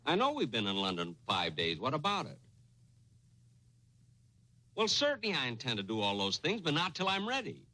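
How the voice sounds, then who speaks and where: A man acting in a 1950s TV sitcom as a fussy, deadpan tourist who counts and hesitates aloud. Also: mid-range voice, moderate pace, long pauses, noisy background. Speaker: comedian playing himself as a tourist.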